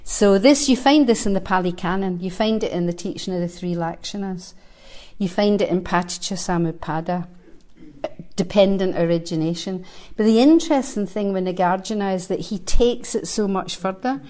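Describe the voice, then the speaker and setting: A woman in her sixties gives a dharma talk to a room of listeners at a Buddhist centre. Her voice sits at an ordinary middle pitch. She speaks conversationally and thinks out loud, with light self-deprecating humor between the verses she reads. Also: normal speed. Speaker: Buddhist teacher. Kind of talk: dharma talk to a live group.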